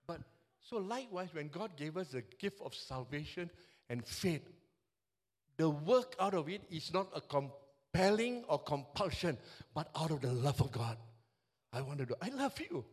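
A man in his seventies with a Singaporean English accent, preaching a fervent, passionate sermon to a church as pastor. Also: fairly high pitch. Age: 70s.

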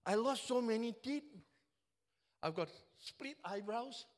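High-voiced passionate Singaporean preacher in his seventies. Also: animated, slow. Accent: Singaporean English. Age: 70s. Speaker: pastor. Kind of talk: sermon.

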